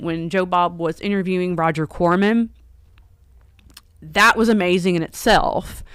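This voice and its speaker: A woman's voice: lowish voice, a bit bright, smooth, dry recording. A middle-aged woman, hosting a casual live stream, chatty, emotional, and close to tears as she laughs. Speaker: livestream host and horror store owner.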